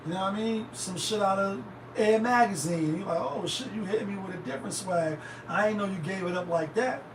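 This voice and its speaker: A man hosting a show, talking in a loose, profane, rambling way. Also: sits high. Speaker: host. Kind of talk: casual commentary. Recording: roomy, distant, noisy.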